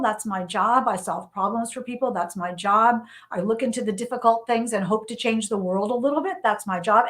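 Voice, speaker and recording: A middle-aged woman, a journalist and novelist, telling lively anecdotes as an interview guest and repeating phrases for emphasis. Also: fairly high pitch. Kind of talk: conversational storytelling interview.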